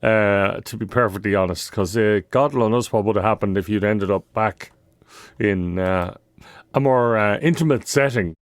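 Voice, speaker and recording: A man's voice: fairly low pitch, moderate pace, dry recording, clean studio sound. A man co-hosting a podcast, chatting casually and bluntly. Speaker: podcast co-host. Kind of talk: casual chat.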